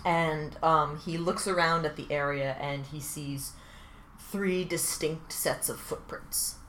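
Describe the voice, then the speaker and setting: A woman co-hosting a podcast, casually recapping a TV episode in a rambling, animated way. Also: low voice, takes it slowly, reverberant, slight background noise. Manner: rambling, animated retelling with acted-out quotes. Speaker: podcast co-host recapping a TV show. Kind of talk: casual chat.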